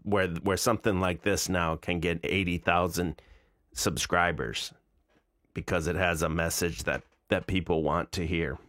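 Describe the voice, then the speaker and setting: Low-voiced man in his forties. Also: fairly even intonation, unhurried, a bit bright, no room sound, clean studio sound. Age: 40s. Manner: incredulous, mocking. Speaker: streamer. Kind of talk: casual live-stream commentary.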